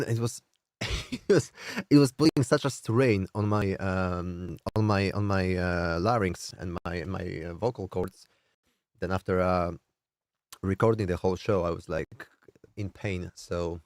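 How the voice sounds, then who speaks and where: A man's voice: sits low, a little mellow, no echo, clean studio sound. A man with a nasal, somewhat strained voice, casually explaining music production on a live stream, thinking aloud with many fillers. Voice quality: nasal, throat-squeezed.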